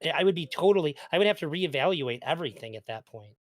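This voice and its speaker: Earnest man arguing, somewhat high voice. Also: animated, fast talker, crowd noise. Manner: earnest, argumentative, stumbles on restarts. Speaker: interview guest. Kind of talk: casual debate.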